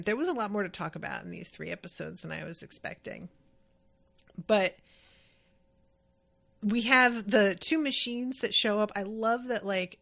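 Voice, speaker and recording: Gravelly-voiced woman recapping episodes. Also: mid-range voice, fairly bright tone. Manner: chatty, amused, retells scenes with quoted lines. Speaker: podcast host.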